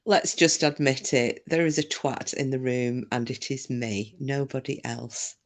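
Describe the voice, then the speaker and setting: A woman from England hosts a relaxed livestream chat. She rambles from topic to topic, reads out her viewers' comments and pokes fun at herself. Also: rumbling low, unhurried. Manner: chatty, reads out viewer comments, self-deprecating. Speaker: livestream host. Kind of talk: casual chat with live viewers.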